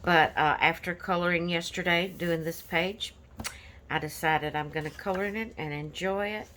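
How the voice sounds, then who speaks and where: A woman with a lowish, fairly bright voice and fairly even intonation talks at a moderate pace, with a little hiss or hum in the audio. She hosts a coloring channel and chats easily about her finished pages, rambling with lots of fillers.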